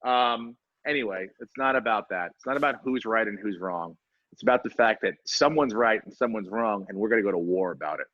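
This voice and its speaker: A man's voice: on the low side, a little fast, dry recording, dull audio. A man in his forties hosting a podcast in casual chat, rambling and profane with self-deprecating asides. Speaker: podcast host.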